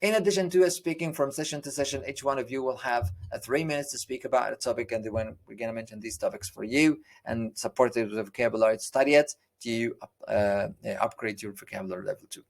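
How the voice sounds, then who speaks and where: Guy teaching exam prep, earnest, lots of ums and restarts, middle pitch. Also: quick pace, vocal fry, hardly any pauses. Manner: earnest, with frequent fillers and restarts. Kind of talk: lecture explaining a course.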